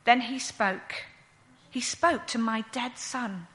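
A lady doing a heartbroken widow telling her tale, slow, bright voice, kinda high. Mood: awed. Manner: slow, earnest storytelling. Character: grieving widowed mother, later overjoyed. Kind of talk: dramatic first-person monologue.

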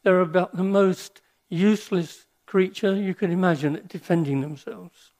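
An older man giving a sermon with personal stories, speaking in an earnest, reflective way with pauses and restarts. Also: high voice, a little mellow.

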